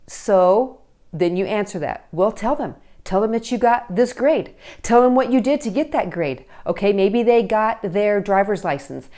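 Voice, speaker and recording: A middle-aged woman, a teen relationship coach, giving parenting advice straight to camera in a chatty, animated way, often checking in with "okay?" and acting out parents and teens. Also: medium pitch.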